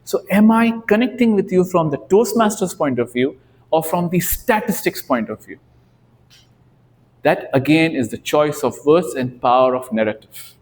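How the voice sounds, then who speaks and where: A man with a fairly high voice gives an educational speech at a club meeting. He poses rhetorical questions and leans hard on key words, and a long reverb hangs behind him in the meeting room. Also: animated, normal speed, a little mellow. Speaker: club speaker.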